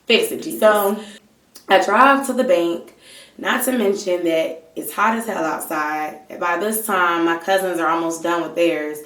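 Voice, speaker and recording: A woman vlogger telling a story in a casual, animated and exasperated way, swearing freely. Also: lowish voice, a little slow. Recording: roomy, mic at a distance.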